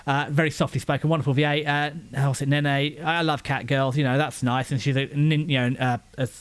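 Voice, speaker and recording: A man's voice: a little high, flat delivery, brisk, clear, resonant tone. Exasperated man ranting an anime review. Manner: exasperated ranting, many restarts. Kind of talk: casual spoken review.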